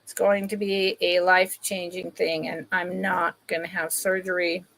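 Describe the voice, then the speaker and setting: A woman's voice: on the low side, flat delivery, a little slow, gravelly, fairly bright tone, a little hiss or hum. A woman hosting a casual live-stream sale, chatting with viewers by name while she shows pieces. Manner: chatty, greets viewers by name, talks while handling items.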